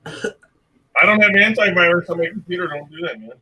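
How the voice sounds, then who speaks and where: High, bright-voiced joking man. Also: lively intonation, normal speed, breathy edge, rough recording. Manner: dry joking asides. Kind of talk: casual chat.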